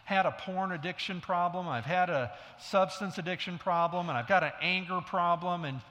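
A middle-aged male pastor delivers a sermon in a bright, forceful voice that sits a little high for a man. He tells stories conversationally, with self-deprecating asides. His words ring with long reverb through a large hall. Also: normal speed.

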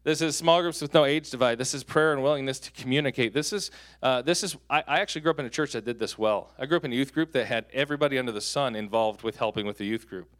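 Animated, joking male pastor preaching. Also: mid-range voice, fast, hardly any pauses. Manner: animated, joking storyteller with sudden loud peaks. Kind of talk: sermon. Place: church hall.

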